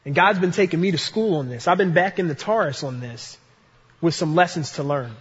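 A man's voice: fairly high pitch, a little fast, slightly rough, in a large hall, muffled recording. A man preaching a sermon in an earnest way, repeating his key phrases for emphasis. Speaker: pastor.

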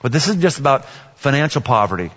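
A man preaching a sermon as a pastor, animated and joking, acting out little scenes and voices. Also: medium pitch, fast talker, slightly rough. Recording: dull sound with long hall reverb.

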